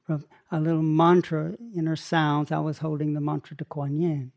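An older man guiding a meditation retreat talk, speaking gently in short phrases with long pauses. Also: fairly high pitch, monotone, creaky. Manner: slow, gentle, pausing between short phrases. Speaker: meditation teacher.

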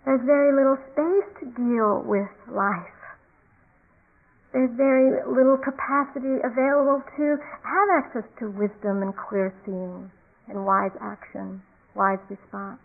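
A woman meditation teacher giving a reflective dharma talk. She speaks calmly and circles back to repeat key phrases. Her voice sits a little high, and the recording is thin and tinny, like a phone line. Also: unhurried, vocal fry.

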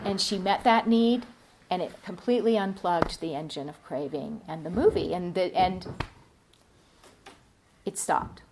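A woman's voice: lowish voice, a little slow, pauses often, noisy background. A woman meditation teacher giving a dharma talk at a retreat center, reflective and telling a story. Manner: reflective, storytelling, many fillers.

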